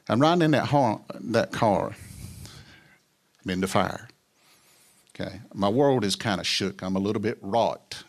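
A middle-aged man with a drawl tells his story in a folksy, unhurried way. His voice sits low, and he slips into the voices of the people he quotes. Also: gravelly. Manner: folksy, storytelling, acts out dialogue. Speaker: businessman sharing his testimony. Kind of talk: personal testimony talk.

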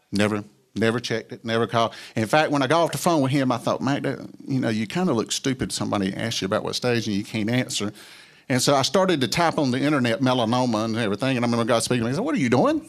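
Middle-aged man, low-pitched, folksy testimony storyteller. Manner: folksy, storytelling, acts out dialogue. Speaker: businessman sharing his testimony. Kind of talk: personal testimony talk.

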